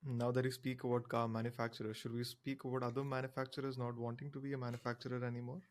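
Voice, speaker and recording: A man's voice: mid-range voice, flat delivery, fast talker, a little hiss or hum. A man on a podcast who speaks hesitantly, often stopping to search for words. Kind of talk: casual podcast chat.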